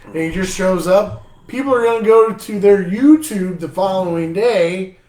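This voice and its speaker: A man's voice: high voice, normal speed, darkish tone. A man co-hosting a wrestling podcast, speaking casually with emphatic swearing. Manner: profane, emphatic. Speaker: podcast co-host. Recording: echoey room.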